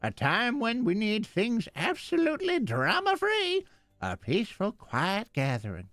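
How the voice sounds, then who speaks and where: A man voicing a sweet old grandmother who guilt-trips gently and apologizes in a falsely syrupy way. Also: sits high, huge pitch swings, a little slow, dry recording, voice pushed up, full character voice. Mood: sugary.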